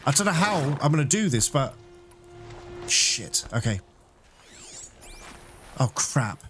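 A man talking through a video game session with a fairly high voice, quick to swear and laugh, and yelping when panicked. Game music plays clearly underneath him. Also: very animated. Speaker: gamer playing a blind let's play. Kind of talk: casual gameplay commentary.

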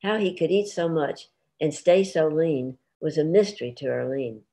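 Low-voiced woman reading a story. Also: expressive, normal speed, mellow. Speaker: writer reading her story. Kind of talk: literary reading.

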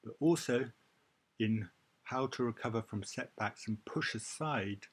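A man's voice: fairly low pitch, a little slow, husky. A male teacher giving an exam-prep reading lesson, who explains step by step and stresses key points. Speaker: IELTS teacher.

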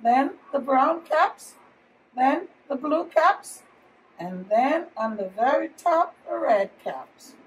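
A woman preschool teacher reading a picture book aloud to children in slow, expressive storytelling. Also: high-pitched, highs cut off. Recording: distant mic, faint room noise.

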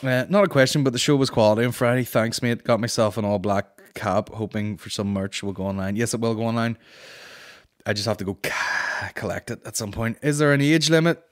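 A Northern Irish man hosting a comedy podcast, reading listener questions and telling stories in a blunt, sweary, animated way. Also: mid-range voice, brisk. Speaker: podcast host and stand-up comedian.

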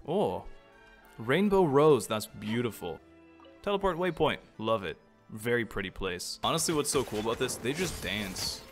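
Man streaming a game, chatty and joking, very animated pitch, faint music behind. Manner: chatty, joking, often laughing. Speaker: gaming streamer. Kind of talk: casual gameplay commentary.

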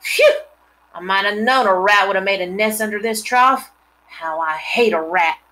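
Grumpy male farmhand, voiced by a woman, exclaiming, bright, storybook. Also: mid-range voice, moderate pace, close to an everyday voice. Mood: disgusted. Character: gruff adult male farmhand, irritable.

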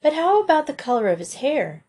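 A woman's voice: sits high, very animated, fairly quick, a little mellow, pitched above the performer's own voice. A woman reading aloud as a middle-aged male detective father who speaks in teasing, amiable banter. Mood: serious.

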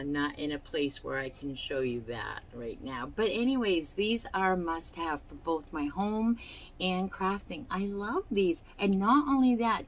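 A woman hosts a casual show-and-tell crafting vlog from her home. She talks at an unhurried, slow pace in a slightly low voice, rambling through asides and fillers. She has the hiccups. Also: poor audio. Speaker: crafting channel host.

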